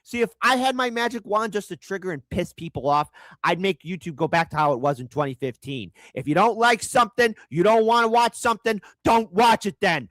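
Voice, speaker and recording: A man hosting a political commentary show, ranting in a mocking, crude and sarcastic way with shouted jabs. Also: high voice, fairly quick, dry recording, clean studio sound. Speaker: show host.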